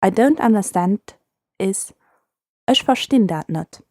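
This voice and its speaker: A woman with a mellow, warm tone hosts a scripted language lesson. She speaks clearly and patiently and repeats phrases slowly so learners can follow. Her voice is recorded dry and close, with no room sound. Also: mid-range voice, lively intonation, dry recording.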